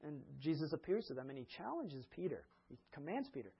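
A man delivers a sermon in a slightly higher register, his voice husky and a touch breathy. He tells the stories with animation, laughing often and acting out the quotes, and the recording sounds dull and lo-fi. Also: sing-song, fast. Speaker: preacher. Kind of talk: sermon retelling Bible stories.

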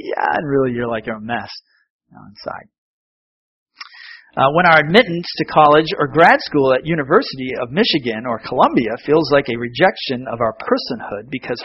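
A man's voice: mid-range voice, husky, highs cut off. A middle-aged man preaching a sermon in a conversational, self-deprecating way, with asides and fillers. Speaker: pastor.

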